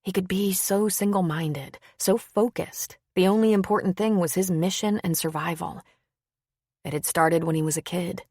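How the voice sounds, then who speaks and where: A woman narrating an audiobook with a steady, even reading. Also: on the low side, normal speed, dry recording, clean studio sound. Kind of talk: scripted narration.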